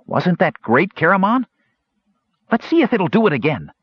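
Guy doing a frantic high-voiced kender, small and impulsive, big swings in his voice, dry audiobook. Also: sing-song, moderate pace, breathy edge, no room sound, exaggerated voice. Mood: eager. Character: excitable, impulsive small male kender adventurer. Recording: dull lo-fi audiobook recording.

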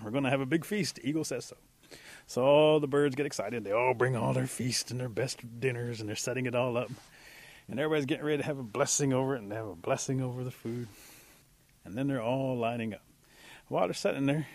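Folksy male storyteller. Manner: folksy, unhurried, with lively pitch jumps for emphasis. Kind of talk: oral folktale storytelling.

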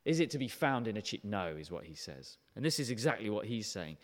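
A man preaching an animated, emphatic sermon, often putting questions to his listeners. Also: lowish voice, fairly quick, big-room sound. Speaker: pastor.

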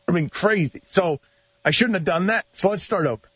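High-voiced, stammering male radio host. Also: fairly quick, a bit bright, breathy edge, no room sound. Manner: self-deprecating, stammering, laughs often. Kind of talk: casual radio banter. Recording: dull lo-fi radio broadcast, dry.

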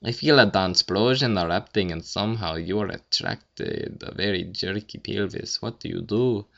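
A man's voice: fairly low pitch, moderate pace, gravelly, fairly bright tone, dull audio. A man putting on a clumsy mock accent from somewhere in Europe, voicing an odd questioner. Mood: mock serious. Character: man with a vague Russian-ish European accent.

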